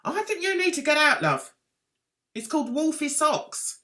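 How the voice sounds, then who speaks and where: A woman's voice: high-pitched, expressive, normal speed, sharp tone. A woman doing mocking commentary on a video, sarcastic and exasperated. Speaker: YouTube commentator.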